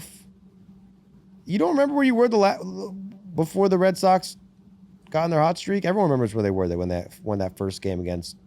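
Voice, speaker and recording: A man hosting a casual sports podcast, reading out stats and trading sarcastic jabs, swearing freely. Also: medium pitch. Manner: reads out stats with animated delivery. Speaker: podcast host.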